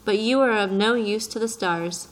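A woman's voice: medium pitch, moderate pace, close to an everyday voice, rough recording. The little prince, read by a woman. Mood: curious. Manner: earnest, questioning. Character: curious, persistent young boy prince. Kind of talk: audiobook reading.

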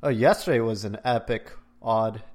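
A man's voice: on the low side, normal speed, darkish tone. A man co-hosting a casual podcast, trashing movies bluntly and trailing off into mumbles. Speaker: podcast co-host. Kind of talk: casual chat.

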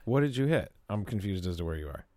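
A man's voice: lowish voice, big pitch swings, quick pace, a little mellow, a little hiss or hum. A man chatting casually and reacting to a friend's story with wry, teasing remarks. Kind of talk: casual chat.

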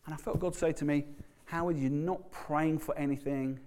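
Male pastor, conversational sermon delivery, animated and halting, mid-high voice. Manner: conversational, animated, stammering restarts.

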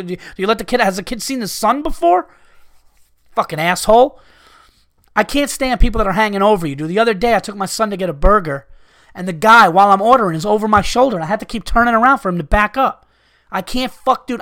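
Clean studio sound with no room tone carries a man's high-pitched, sharp voice. He's a podcast host with young children who is recovering from being sick, and he's ranting profanely at his listeners out of exasperation.

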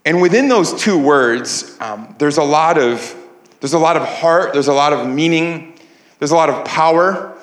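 A man's voice: fairly high pitch, a little slow, roomy sound. A man preaching a sermon as pastor, earnest, repeating words as he builds emphasis. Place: church sanctuary.

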